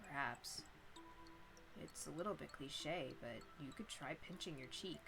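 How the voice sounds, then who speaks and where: A woman voicing a quiet, aloof teenage ghost boy in a visual novel, speaking in measured, matter-of-fact tones. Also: deep voice, gravelly, over music, voice pushed down. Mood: calm. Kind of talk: reading a visual novel aloud.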